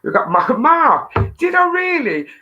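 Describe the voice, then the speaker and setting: A woman's voice: high-pitched, very animated, a little slow, lo-fi sound. A middle-aged woman hosting a casual live stream, greeting viewers and reading their comments in a chatty, self-deprecating way with frequent laughs and ums.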